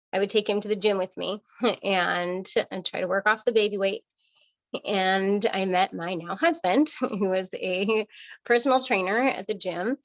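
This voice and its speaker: A woman's voice: medium pitch, a bit bright, no echo, lo-fi sound. A middle-aged woman from Washington state, telling her life story as an interview guest, chatty and laughing often between fillers.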